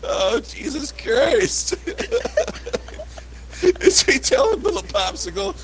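A man's voice: very high-pitched, wildly swooping pitch, drawn-out words, vocal fry. A man co-hosting a gaming podcast, swearing freely and laughing until he cries. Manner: laughs hard, swears a lot, cracks up. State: crying with laughter. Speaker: podcast co-host playing a game. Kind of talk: casual gaming chat.

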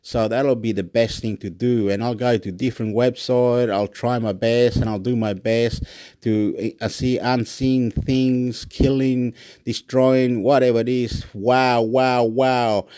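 A man's voice: mid-range voice, steady tone, unhurried, dark tone, no echo. Rambling man on a phone. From Australia. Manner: rambling and repetitive, loops phrases. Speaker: channel host. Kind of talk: rambling solo monologue. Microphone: phone recording app.

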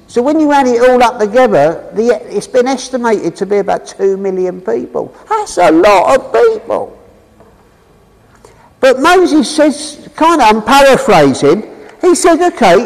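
A man giving an informal, chatty sermon and asking his listeners questions. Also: sits high. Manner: chatty, asks the audience questions. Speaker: preacher. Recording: long reverb in a hall.

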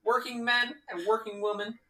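A man's voice: very high voice, flat delivery, normal speed, sharp tone, exaggerated voice. Young man doing a stern Soviet wartime leader. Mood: solemn declaiming. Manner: solemn, declaiming. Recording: roomy, far from the mic.

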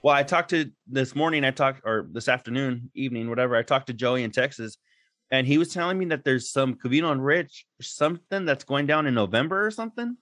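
A man's voice: mid-range voice, expressive, brisk, fairly bright tone, no room sound, studio quality. Rambling, swearing podcast co-host man. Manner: rambling, profane, laughs often. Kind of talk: casual chat.

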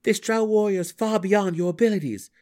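A man voicing a young male dark elf who pleads urgently. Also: high voice, brisk, voice pushed up, lightly acted.

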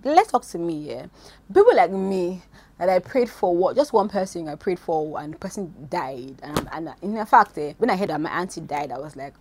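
A woman gives an informal devotional talk straight into her phone. Her delivery is animated: loud bursts give way to soft, quiet asides. The sound is dry and close, with no room echo. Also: mid-range voice, fairly quick. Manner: animated, swings from loud exclamations to quiet asides, frequent "you get me". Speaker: preacher.

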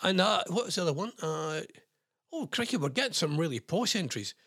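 A British man hosts a radio show in a husky, fairly high voice that swings up and down a lot. He rambles through listener messages and quirky news with plenty of fillers and jokey asides, recorded dry and close on the mic. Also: animated, a little fast, a bit bright, no echo. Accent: British English. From England.

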